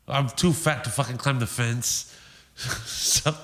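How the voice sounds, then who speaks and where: A man guest on a podcast, telling a wild story in a profane, animated way. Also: medium pitch, takes it slowly, long reverb tail. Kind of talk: casual anecdote.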